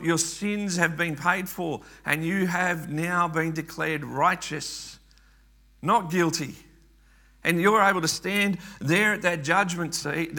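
A man's voice: a little high, bright, forceful tone. A man preaching a sermon earnestly, often repeating words and restarting phrases.

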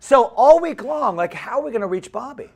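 A man's voice: very high-pitched, a little fast, vocal fry. A man from the United States, a pastor preaching a funny story sermon and repeating phrases for effect. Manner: animated, comic, repeats phrases.

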